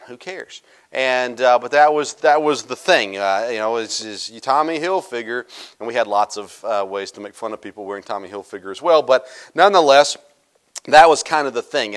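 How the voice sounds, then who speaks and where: A middle-aged male pastor preaching a sermon in a casual, joking storytelling manner with quick asides. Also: mid-range voice, expressive, fairly bright tone.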